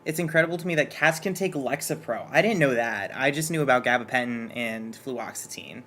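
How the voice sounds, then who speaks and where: Man, casual chat, nervous rambler, mid pitch. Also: brisk, pushed and bright. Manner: rambling, hesitant, nervous restarts. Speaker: streamer's partner and guest artist.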